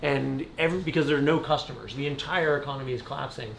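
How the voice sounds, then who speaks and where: A man's voice: medium pitch, fast, creaky, fairly bright tone, roomy sound, a little hiss or hum, rough recording. A man arguing a political point emphatically in conversation, checking in with "right?" constantly. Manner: emphatic, keeps adding "right?".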